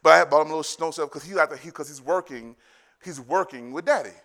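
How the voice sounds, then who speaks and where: A man in his thirties, a pastor, preaching a sermon, telling family stories in an animated way, repeating phrases and often laughing. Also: on the high side, fast talker. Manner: animated storytelling, rising to loud excited bursts.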